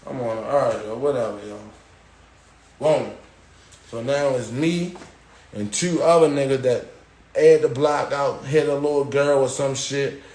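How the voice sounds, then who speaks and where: A man casually telling a long story on a live stream, dropping "yo" and "boom" as he goes and acting out the voices of others. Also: a little slow, roomy sound. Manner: animated retelling, acting out quoted guards and inmates with raised pitch; slangy, repeats "yo" and "boom". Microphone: phone.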